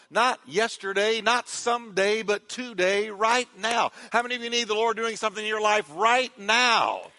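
A man's voice: sits high, normal speed, hardly any pauses, sharp tone. A man preaching a sermon as pastor, emphatic and repetitive, calling the congregation to respond.

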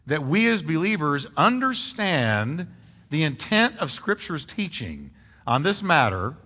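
A man preaching a sermon as pastor, animated, drawing call-and-response from the congregation. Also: on the high side. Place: church sanctuary. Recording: reverberant church hall.

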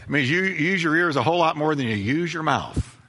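High, lively pastor preaching in a reverberant hall. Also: male voice, a little fast. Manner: emphatic preaching with repeated phrases and acted-out dialogue. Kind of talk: sermon.

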